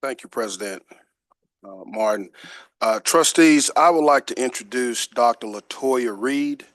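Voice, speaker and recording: A man's voice: mid-range voice, a bit bright, no room sound. A man giving a polite, formal introduction at a board meeting, with a few fillers. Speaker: official introducing a new employee.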